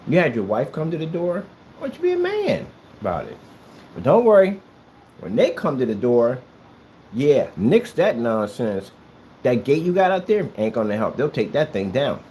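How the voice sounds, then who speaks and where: A man's voice: mid-range voice, a little mellow, a little hiss or hum. A man ranting at someone straight to the camera, scolding and sarcastic, with a lot of repetition. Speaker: vlogger. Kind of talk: confrontational address to camera. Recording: echoey room.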